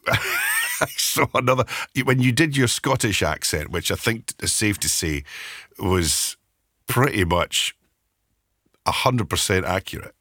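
A man's voice: fairly low pitch, huge pitch swings, slow, pauses often, pushed and bright, slightly rough, no echo, studio quality. A man hosting a radio interview, talking enthusiastically and often restarting his phrases. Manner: enthusiastic, with frequent stammered restarts. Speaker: radio host.

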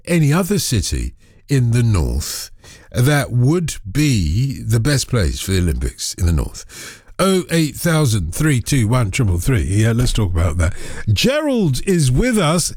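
Lively, jokey male radio host. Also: a little high, dry recording, studio quality. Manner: jokey and chatty, quick asides. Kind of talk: casual radio phone-in chat.

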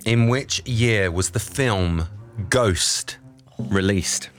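A man's voice: fairly low pitch, drawn-out words, music in the background. A man hosting a radio quiz in a bubbly, affectionate way, calling contestants babe.

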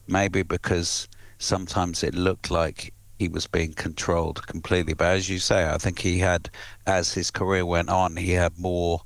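A man co-presenting on the radio, giving opinions in a halting way with frequent restarts. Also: sits low, flat delivery, no echo. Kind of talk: casual radio chat.

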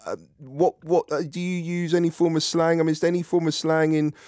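A man's voice: on the high side, flat delivery, fairly quick, a little mellow, no room sound, studio quality. A male radio presenter chatting in a friendly way with a caller and using lots of fillers. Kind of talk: radio phone-in chat.

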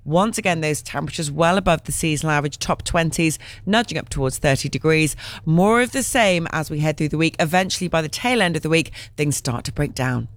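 Woman, weather presenter, smooth resonant voice, steady, dry studio. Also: low-pitched, fairly quick, dry recording. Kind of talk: scripted weather forecast.

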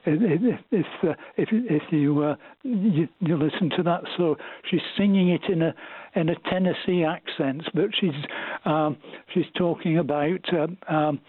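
Halting man on a tinny phone line. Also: on the high side, husky, dry recording. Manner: halting, many fillers and restarts. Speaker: radio caller sharing music knowledge. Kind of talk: casual radio chat.

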